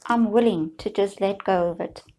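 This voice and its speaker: A woman guiding viewers through a slow, soothing tapping session, leading them in repeated affirmations. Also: mid-range voice, a little mellow. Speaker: EFT tapping guide.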